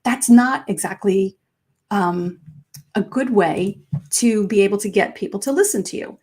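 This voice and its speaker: A middle-aged woman life coach speaking to viewers in a conversational way, acting out quoted phrases with big jumps in pitch. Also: a little slow, a little mellow.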